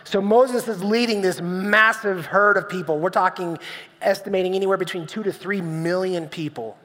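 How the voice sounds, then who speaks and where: A man preaching with a high, bright voice that rings through a church hall with a long echo. He talks in a relaxed, conversational way, telling stories and acting out voices for laughs. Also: normal speed. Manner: conversational, storytelling, acts out voices with humor. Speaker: pastor. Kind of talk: sermon. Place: church stage.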